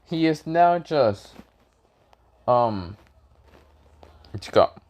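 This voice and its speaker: A man improvises fan fiction extremely slowly, with lively intonation. His casual, rambling telling includes self-corrections, swearing, and high shouted voices for the characters.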